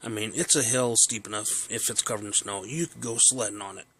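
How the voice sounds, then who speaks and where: A man's voice: lowish voice, brisk, a bit bright. A man casually telling a personal story, rambling with fillers and restarts.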